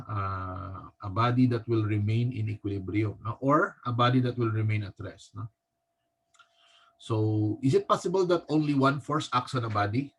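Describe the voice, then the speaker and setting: A male teacher with a Filipino accent giving a recorded physics lecture, halting often and tagging his sentences with a questioning "no?". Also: medium pitch. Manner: halting, with frequent restarts.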